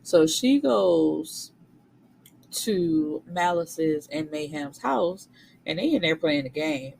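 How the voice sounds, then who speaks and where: A woman's voice: low-pitched, lively intonation, takes it slowly, creaky, darkish tone, slight background noise, low-quality recording. A woman recapping a novel's plot in a casual, slangy way, swearing freely and acting out the characters. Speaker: book reviewer.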